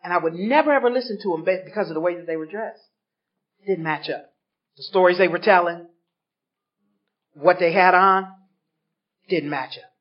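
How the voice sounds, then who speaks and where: With a fairly low voice, a woman speaks at a moderate pace with long pauses while telling her story to a live audience at a recovery workshop. She's animated and acts out the voices of the people involved, and the recording is dull and lo-fi.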